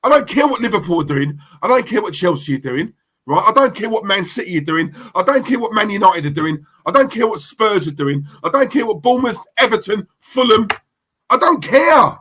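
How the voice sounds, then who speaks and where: A man's voice: high voice, very animated, brisk, sharp tone, husky. A man ranting to camera as a football fan vlogger, heated and emphatic, repeating himself for effect.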